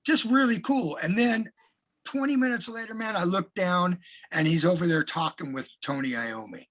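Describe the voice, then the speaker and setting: Husky man telling rock stories. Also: high-pitched, moderate pace. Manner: animated anecdotes with profanity. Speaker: guest singer. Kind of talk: casual interview storytelling.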